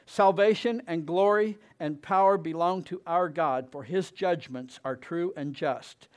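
A man preaching a sermon, reading scripture with slow, emphatic delivery and rising exclamations. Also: a little high. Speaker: pastor.

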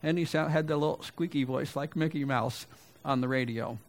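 Middle-aged male pastor, folksy sermon storyteller, slightly higher voice, rhetorical questions. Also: moderate pace.

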